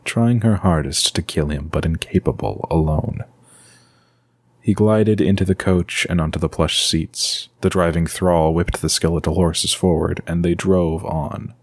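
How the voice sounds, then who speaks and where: A man narrating a fantasy story from a script in a steady reading voice. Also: low-pitched, no echo.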